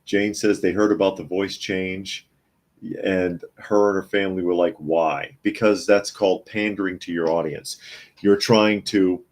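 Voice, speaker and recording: Guy with a really low voice running a casual news podcast from his home office, reads headlines then weighs in. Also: steady tone, unhurried. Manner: chatty, reads headlines aloud and comments. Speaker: podcast host.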